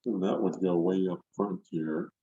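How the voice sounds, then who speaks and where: A man's voice: low-pitched, fairly even intonation, moderate pace, mellow, slightly rough, dry recording, lo-fi sound. An older man teaching a painting demonstration over a video call, talking loosely and repeating words as he paints. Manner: rambling, repeats words while working. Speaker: painting instructor. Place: indoor studio, online video session. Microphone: video call mic.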